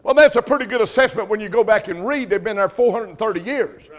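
A man's voice: high voice, quick pace. An older man preaching a folksy sermon, calling questions out to his congregation.

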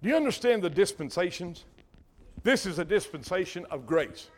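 Older preacher, folksy and earnest. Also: male voice, sits high, big pitch swings, moderate pace. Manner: folksy, earnest, repeats himself and breaks off mid-sentence. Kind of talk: sermon.

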